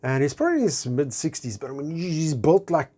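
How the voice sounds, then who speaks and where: A man sharing a personal testimony in a chatty, expressive way, full of fillers and acted-out dialogue. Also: on the high side, fairly quick. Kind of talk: animated personal storytelling.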